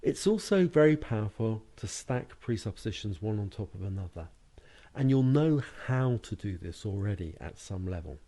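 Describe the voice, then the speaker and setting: A British man narrating a lesson on hypnotic language patterns, speaking slowly and deliberately with hypnotic phrasing and words marked out by tone. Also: on the low side, mellow. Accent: British English. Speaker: hypnotherapy and NLP trainer. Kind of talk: recorded lesson narration over slides.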